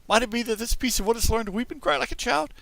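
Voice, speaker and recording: A man's voice: on the high side, sing-song, fairly quick, a bit bright, no echo. A man doing a jumpy old storybook carpenter. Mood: frightened blustering. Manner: stammering and blustery.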